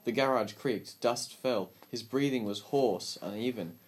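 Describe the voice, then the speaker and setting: A man reading a story aloud as an audiobook narrator, with calm, measured storytelling. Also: medium pitch, breathy edge.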